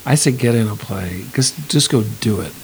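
A middle-aged actor and acting teacher speaks in a relaxed conversational interview, circling his thoughts with frequent restarts and self-corrections. His gravelly voice sits at an ordinary pitch and moves at a moderate pace. The audio is poor, with a faint hiss running underneath.

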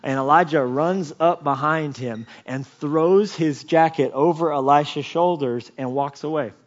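A man preaching a sermon as pastor, telling the story with lively asides, jokes and many restarts. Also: fairly high pitch, measured pace, lo-fi sound. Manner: animated storytelling, swings from quiet asides to loud emphasis; many restarts and repeated words, jokes and chuckles.

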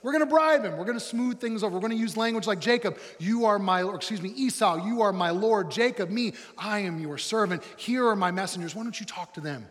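A man playing a sly schemer who plans to flatter his brother through messengers. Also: high-pitched, brisk, hardly any pauses, big-room sound, voice pushed up. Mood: scheming.

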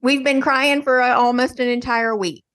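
A woman's voice: sits high, steady tone, moderate pace, fairly bright tone, no echo. Laughing woman co-host, dry close sound. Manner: laughs often, storytelling. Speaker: podcast co-host. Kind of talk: casual chat.

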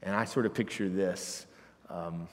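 A man's voice: deep voice, steady tone, measured pace. A man preaching a sermon, explaining a Bible passage in a conversational way and building to emphatic preaching. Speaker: pastor. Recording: long hall reverb.

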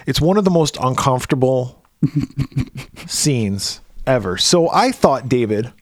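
A man's voice: mid-range voice, lively intonation, slow, dry recording, studio quality. A man co-hosting a podcast, animatedly retelling a film with frequent laughs. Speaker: podcast co-host. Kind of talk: casual chat.

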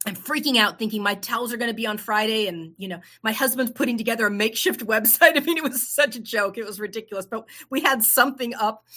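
A middle-aged woman who owns a business tells her story as a guest in a casual interview. Her mid-range voice is bright and forceful, and she acts out the voices of the people she quotes.

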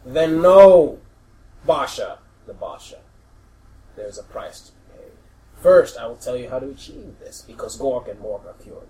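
Man putting on a giant orc deity for a tabletop game: slow, breathy, low, looming. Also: animated, warm tone, far from the mic, lightly acted, poor audio. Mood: ominous. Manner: slow, low, half-whispered pronouncements. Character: ominous ancient orc god, huge and menacing.

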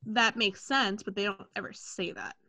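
A woman co-hosting a casual TV show discussion, talking in an animated, ranting way with lots of "like". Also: medium pitch, moderate pace.

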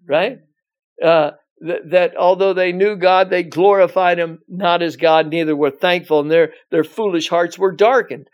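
Brief: male pastor, fairly high voice, loose conversational Bible teaching, lots of restarts. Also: clear, resonant tone. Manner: rambling, frequent "you know" and restarts; reads scripture aloud with emphasis.

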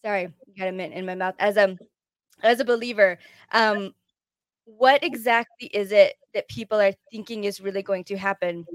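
A woman's voice: medium pitch, no room sound. A woman on a casual podcast who speaks in a candid, reflective way and sometimes searches for words.

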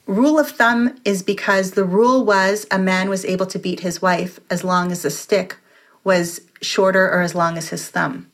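A woman's voice: mid-range voice, fairly even intonation, normal speed. A woman in her forties, a podcast guest, talking earnestly in casual conversation and giving advice with frequent restarts.

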